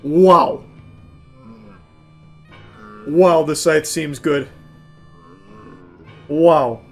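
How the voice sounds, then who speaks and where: A man giving excitable gameplay commentary, swearing, yelling and laughing at the game. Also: on the high side, very slow, soft background music. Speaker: gaming commentator.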